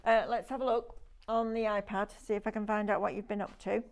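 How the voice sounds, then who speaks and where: A chatty woman hosts a live sales show, gushing over every item. Her voice sits at an ordinary middle pitch, and she keeps the patter flowing. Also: level tone, a little fast. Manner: chatty and gushing, constant product praise. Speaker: shopping channel presenter.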